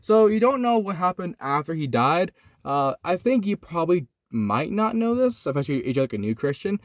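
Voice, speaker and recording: A young man tells a Bible story in a casual, earnest way, sweaty and teary inside a hot parked car. His voice sits slightly high and moves with lively swings. The sound is close and dry, with no echo. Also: brisk. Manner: casual and earnest, says "like" and "dude" often. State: sweaty and overheated, has been crying. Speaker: vlogger retelling the Bible.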